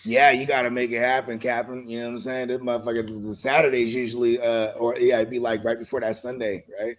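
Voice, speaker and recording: A man's voice: medium pitch, little pitch movement, fast. A man co-hosting a podcast, talking in laid-back, slangy banter, swearing freely and laughing often. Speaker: podcast co-host. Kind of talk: casual chat.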